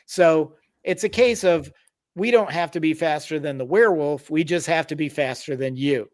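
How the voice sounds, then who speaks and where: A man's voice: fairly high pitch, moderate pace. A man hosting a podcast, casually telling a tabletop horror story with wry asides and explanations. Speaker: podcast host.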